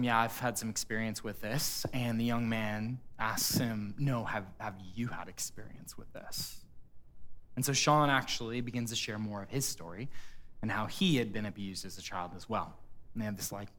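A male pastor preaching a sermon, retelling a story quietly and then speaking up to address the church. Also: medium pitch. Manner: storytelling, quiet and hushed at emotional quotes, rising when addressing the church. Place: church auditorium.

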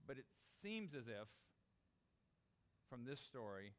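A man's voice: medium pitch, big pitch swings, takes it slowly. A man preaching a sermon, acting out the disciples' pleas in a raised voice. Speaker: pastor.

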